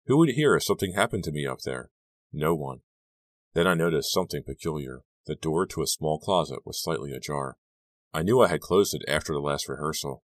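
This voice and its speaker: A man narrating an audiobook in a measured, suspenseful way. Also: a bass voice, no echo. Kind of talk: dramatic audiobook reading.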